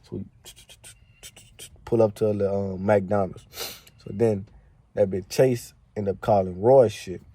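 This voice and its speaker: A man's voice: lowish voice, fairly even intonation, takes it slowly, long pauses, mellow, husky, no room sound. A young man telling a story in casual slang, swearing freely and filling his talk with "like" and "man". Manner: slangy and profane, packed with "like" and "man" fillers.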